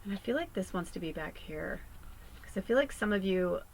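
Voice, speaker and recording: A woman's voice: medium pitch, lively intonation, fairly quick, vocal fry, a little hiss or hum, poor audio. A young adult woman giving a channeled tarot reading, talking in an earnest, emotional, rambling way with many fillers. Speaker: psychic tarot reader.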